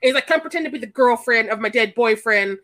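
A woman with a high, bright voice talks through a movie in a loose podcast chat. She laughs often and breaks into little acted-out quotes, lively and a bit exasperated. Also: fast talker. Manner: animated, laughing, acts out quotes. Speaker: podcast co-host. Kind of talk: casual chat.

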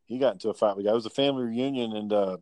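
A man's voice: fairly low pitch, very fast, darkish tone. A young man, telling rambling, profane family stories in casual chat with his brother.

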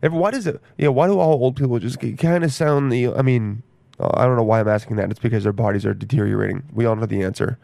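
Rambling, swearing young man with a gravelly voice. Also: mid-range voice, quick pace, a little mellow, no echo. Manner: rambling, profane, self-mocking. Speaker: podcast host. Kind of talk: casual monologue.

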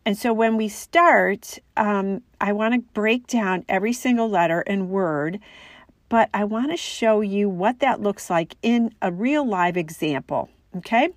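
A woman hosting a radio talk show, calmly coaching listeners on how to talk with loved ones. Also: medium pitch, unhurried, no room sound, studio quality. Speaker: radio show host and family communication coach.

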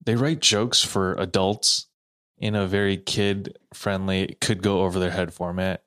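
A man's voice: low-pitched, fairly even intonation, unhurried, fairly bright tone, no echo, clean studio sound. A man co-hosting a podcast in casual chat, laid-back and a little hesitant, laughing often. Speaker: podcast co-host.

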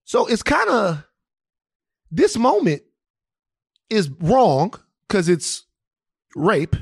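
A man from Louisiana tells a story on a podcast, animated and profane, with lots of stammered restarts. His voice sits a bit high for a man, and the recording is dry and close. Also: extremely slow, vocal fry, slightly rough, no room sound. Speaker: podcast co-host. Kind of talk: casual storytelling chat.

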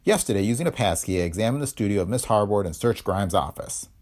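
A man voicing a calm, smug male private detective who explains blandly. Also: fairly low pitch, fast.

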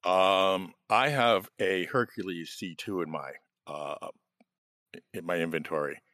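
A man's voice: deep voice, a little slow, a bit bright, no echo, clean studio sound. A man on a casual panel, musing aloud with hesitant, filler-laden speech.

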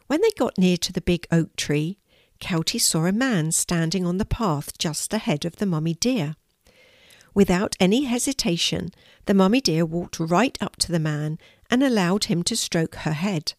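An older woman reading a children's story aloud in a calm, measured way. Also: fairly low pitch, no room sound, studio quality.

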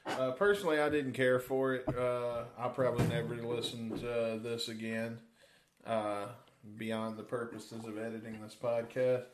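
A man's voice: medium pitch, steady tone, moderate pace, roomy sound, heavy background noise. A man hosting a podcast, dry and blunt, leading segments and signing off. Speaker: podcast host.

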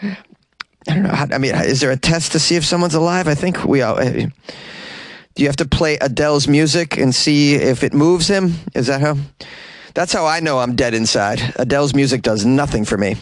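A man with a raspy voice, a comedian hosting a news podcast, who reads odd stories and adds wry, incredulous jokes. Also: on the high side, brisk, no echo. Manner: wry, incredulous, joking asides. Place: small closet. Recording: dry closet recording.

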